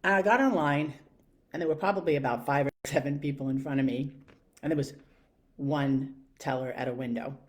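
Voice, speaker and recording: A woman's voice: low-pitched, fairly quick. A middle-aged woman with a New York accent, telling a reflective story with many fillers and self-questions. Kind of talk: reflective monologue.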